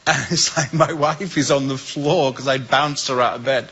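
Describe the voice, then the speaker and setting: A man with an English accent, a guest speaker telling a humorous personal story with lively voices for the people in it. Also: mid-range voice, moderate pace, few pauses, breathy edge, poor audio. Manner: lively storyteller who acts out the voices in his tale.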